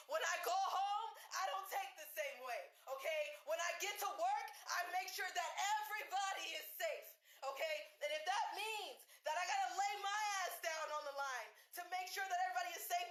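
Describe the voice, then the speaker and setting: A woman's voice: extremely high pitch, fairly bright tone. A woman hosting a casual livestream at home, venting emphatically and laughing between phrases, often asking "okay?" and "right?". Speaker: livestream host and dance choreographer. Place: indoors at home, heater on. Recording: roomy echo.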